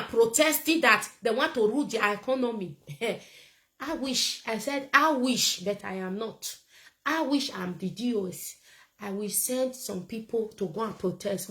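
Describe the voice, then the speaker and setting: A woman's voice: on the high side, rough recording. Blunt Nigerian woman ranting to camera. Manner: emphatic, blunt, repeats points. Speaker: political commentator. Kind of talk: casual political rant to camera.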